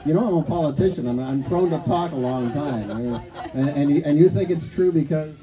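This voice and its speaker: A man's voice: fairly high pitch, a little fast, highs cut off, crowd noise. A man presenting a live outdoor stage show, rambling and playful, with many asides. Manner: chatty, full of "you know" asides, playful showman.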